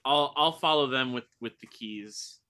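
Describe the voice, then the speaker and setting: Bright-voiced man playing a game. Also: medium pitch, unhurried. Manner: playful, jokey. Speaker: player. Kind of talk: casual tabletop play over a video call.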